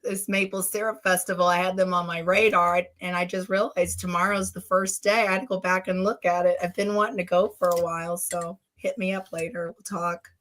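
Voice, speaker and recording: A woman chatting as a guest on a live stream, her voice hoarse and squeaky after the flu, upbeat and talkative. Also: flat delivery, fairly quick, hardly any pauses, a bit bright. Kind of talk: casual chat.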